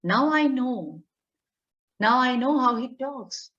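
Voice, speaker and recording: A woman's voice: high-pitched, lively intonation, takes it slowly, fairly bright tone. A woman, teaching a class online, repeating her points and checking in with students. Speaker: English teacher. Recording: dull lo-fi audio.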